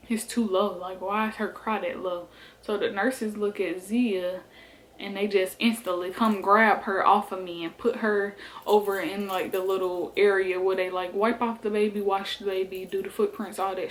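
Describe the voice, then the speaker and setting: A young woman speaks into her camera in a casual storytime. She is chatty and animated, peppering her talk with "like" and "y'all". She sounds relaxed and conversational. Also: mid-range voice, low-quality recording. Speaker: vlogger.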